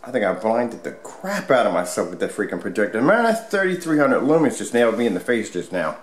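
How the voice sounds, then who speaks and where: In a room at home with squeaky floors, a man with a fairly low voice casually demos a product for a vlog. He talks briskly and with a lot of animation, rambling along with plenty of fillers and restarts.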